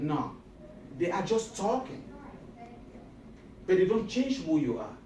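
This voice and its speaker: A man speaking to high school students in a motivational talk. He is emphatic and repetitive and often asks the audience questions. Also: wildly swooping pitch, slow, long pauses, warm tone, a little hiss or hum. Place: school auditorium or hall. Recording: echoey room recorded from a distance.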